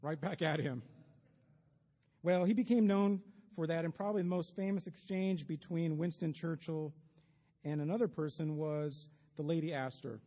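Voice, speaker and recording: A man's voice: on the high side, fairly even intonation, moderate pace, warm tone. A man preaching a sermon, talking conversationally to the congregation with wry asides, in a church sanctuary. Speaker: pastor. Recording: long reverb of a large hall.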